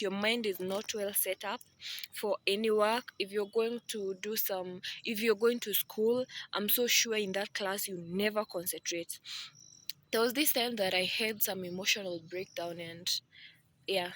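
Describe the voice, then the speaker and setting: Bright, chatty woman vlogging. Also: medium pitch. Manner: chatty and animated, with playful asides and laughs. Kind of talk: casual vlog talk to camera.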